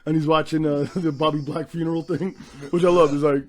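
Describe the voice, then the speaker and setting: A man with a somewhat high voice talking over a film the way friends do. He recaps scenes, often breaks into laughter, and swears freely. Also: little pitch movement, fairly quick, a little mellow. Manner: laughs often while retelling scenes, loose and profane. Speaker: podcast host. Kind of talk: casual chat.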